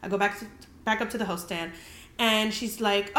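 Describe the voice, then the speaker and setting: A woman's voice: mid-range voice, level tone, normal speed, fairly bright tone. A young woman casually telling a story as a podcast host, chatty and full of "like", swearing freely. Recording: roomy echoey room.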